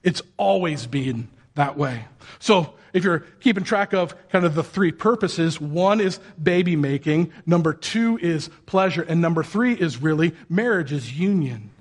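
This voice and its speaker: High-voiced joking male preacher. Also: a little slow. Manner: lively, joking, bursts into sung and shouted asides. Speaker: pastor. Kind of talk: sermon.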